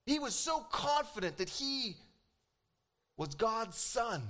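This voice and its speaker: A man preaching a sermon as pastor, animated and emphatic, acting out quoted lines with dramatic pauses. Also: extremely high pitch.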